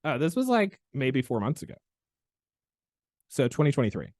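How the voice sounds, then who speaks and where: A man, a chiropractor hosting a podcast, telling stories in an animated, theatrical way. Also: moderate pace, dry recording, clean studio sound. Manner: animated, theatrical storyteller with big pitch swings. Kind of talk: casual podcast chat, storytelling.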